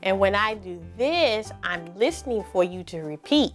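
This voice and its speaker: A woman teaching a preschool circle-time lesson, speaking slowly and clearly with lots of encouraging praise for the children. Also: medium pitch, animated, soft background music. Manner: slow, exaggerated, encouraging teacher talk.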